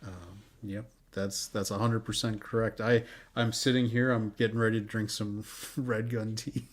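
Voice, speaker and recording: A man's voice: fairly low pitch, little pitch movement, moderate pace. A man chatting casually as a podcast guest, easygoing and laughing often. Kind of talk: casual chat.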